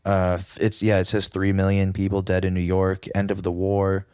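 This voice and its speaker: Low-voiced man reading comic lines. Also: monotone, darkish tone, smooth, no echo, clean studio sound. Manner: reads passages aloud slowly. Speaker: podcast co-host. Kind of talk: casual chat.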